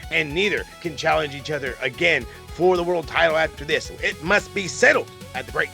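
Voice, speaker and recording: A man's voice: on the high side, a little fast, creaky, bright, forceful tone, soft background music. A man hosting a comic wrestling podcast in a playful, hammy way. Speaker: podcast host.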